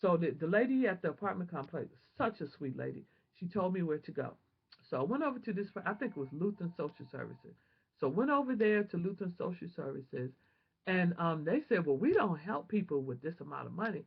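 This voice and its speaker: Husky, animated woman telling her story. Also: fairly low pitch, a little fast, phone-quality sound. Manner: animated, emotional, prayerful storyteller. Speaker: vlogger. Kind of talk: personal testimony storytelling.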